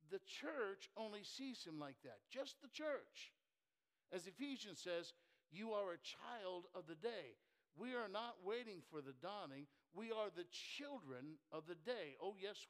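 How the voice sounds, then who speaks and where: Male preacher, fairly high smooth voice, emphatic sermon delivery with repeated phrases. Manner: emphatic, repeats phrases, asks the congregation questions.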